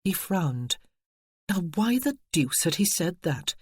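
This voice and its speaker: Measured audiobook narrator, dry close sound. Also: mid-range voice, big pitch swings, husky, dry recording. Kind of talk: scripted narration.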